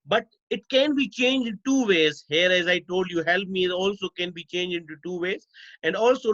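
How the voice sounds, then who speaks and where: A male teacher giving a grammar lesson. He repeats each example slowly, stretches his words, and often calls the class "dear students". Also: high voice, sharp tone, no echo, lo-fi sound.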